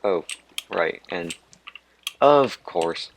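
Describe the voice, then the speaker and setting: Male let's-play host, deep and unhurried, wanders off on tangents and pokes fun at himself. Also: lively intonation, gravelly, slight background noise. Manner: rambling, digressive and self-mocking. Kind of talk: gameplay commentary.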